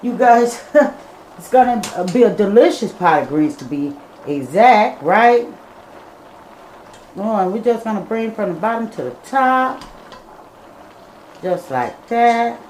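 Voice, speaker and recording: A woman's voice: mid-range voice, lively intonation, slow, pauses often, darkish tone, slight background noise. A woman hosting her home cooking channel, chatting casually to viewers as she cooks in her kitchen. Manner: chatty, addresses viewers as y'all and you guys. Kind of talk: casual cooking vlog talk. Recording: roomy echoey kitchen.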